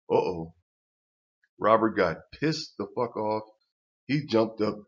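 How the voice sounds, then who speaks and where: A man's voice: lowish voice, animated, a little slow, long pauses, lo-fi sound. An older man telling a personal story as a casual, profane rant, blunt and stammering through restarts.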